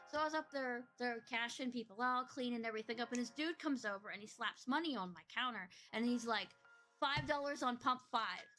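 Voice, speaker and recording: A woman co-hosting a podcast, reacting with quick exclamations and telling her own work story in a casual chat. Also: a little high, pushed and bright. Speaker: podcast co-host.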